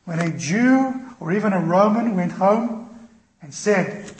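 A male pastor preaches in a slightly high voice, swinging between loud passion and quiet intensity. His words ring around an echoey room, with faint noise underneath. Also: a little slow. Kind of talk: sermon.

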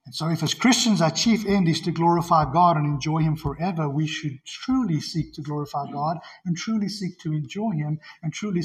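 A man's voice: fairly high pitch, rough recording. A male pastor preaching an expository sermon in an earnest, emphatic way, often repeating his key phrases.

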